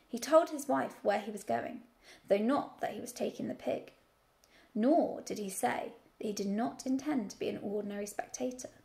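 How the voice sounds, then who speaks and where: A woman teacher reading a children's novel aloud in a steady storytelling manner. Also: fairly high pitch, vocal fry.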